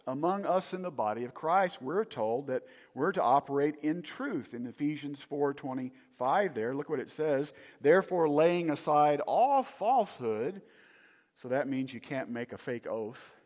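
A man preaching a sermon with a lively, swooping delivery, leaning hard on key words and tossing questions out to the congregation. His voice rings with a long reverb from a church hall, and the recording sounds somewhat dull. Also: medium pitch, moderate pace, few pauses. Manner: emphatic, animated preaching with rhetorical questions. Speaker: pastor.

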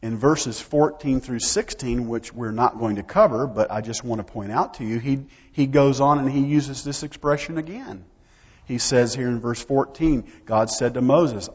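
A man's voice: mid-range voice, moderate pace, darkish tone, husky. A man preaching a sermon, emphatic and full of rhetorical questions to his congregation, recorded in a church sanctuary. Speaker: pastor. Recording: dull sound, long hall reverb.

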